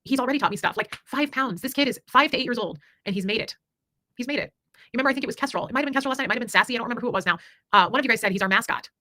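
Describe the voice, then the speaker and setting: Rapid-fire chatty woman livestreamer. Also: fairly high pitch, sharp tone, dry recording. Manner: rambling, emphatic, swears freely. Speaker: livestream host reading super chats. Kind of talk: casual livestream chat.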